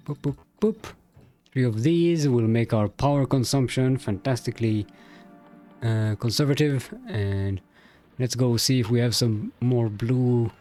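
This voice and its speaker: A man talks his way through a building game, half to himself, drifting between plans and grumbles with the odd curse. His pitch sits in an ordinary middle range, and faint music plays quietly underneath him. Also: slow pace. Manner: thinks aloud, mutters and swears casually. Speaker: streamer playing a factory-building game. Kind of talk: casual gameplay commentary.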